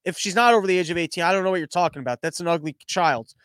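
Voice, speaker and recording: High-voiced sarcastic male podcast host. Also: very fast, fairly bright tone, no room sound. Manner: sarcastic, profane, mocking. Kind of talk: political commentary rant.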